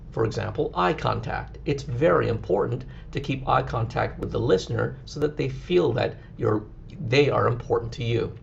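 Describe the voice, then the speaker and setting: Gravelly-voiced male teacher giving a lesson. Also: medium pitch, dull audio, a little hiss or hum. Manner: clear, instructive, with occasional slow deliberate demonstrations. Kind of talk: recorded classroom lesson.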